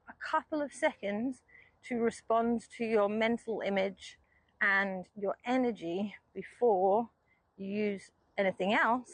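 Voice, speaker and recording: Calm woman riding instructor. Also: mid-range voice, slightly rough, dry recording, low-quality recording. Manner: calm, patient explaining. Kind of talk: explanatory lesson while riding.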